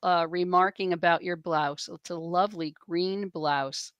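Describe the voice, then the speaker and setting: A woman's voice: fairly low pitch, fairly even intonation, measured pace. A woman co-hosting a live chat, relaying viewer comments in a matter-of-fact way. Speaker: co-host reading chat.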